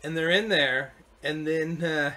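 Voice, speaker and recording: A man's voice: fairly high pitch, unhurried, sharp tone. A man casually telling a rambling story, laughing and swearing as he goes. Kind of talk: casual chat while gaming.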